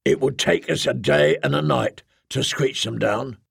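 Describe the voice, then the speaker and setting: A man voicing a stern, menacing male commander who booms his threats and speaks with contempt. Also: unhurried, creaky, husky, no room sound, studio quality, exaggerated voice.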